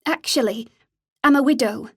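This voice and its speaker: A woman's voice: on the high side, moderate pace, lightly acted. A woman reading the lines of a frightened eighteen-year-old young woman who answers carefully with a slight tremble. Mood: nervous.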